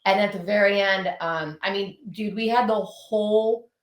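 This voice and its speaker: A woman's voice: medium pitch, steady tone, normal speed. A woman in her thirties, a punk band musician, telling stories animatedly in a casual interview chat from her home, swearing freely. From Southern California. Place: home, indoors with dogs. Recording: echoey room.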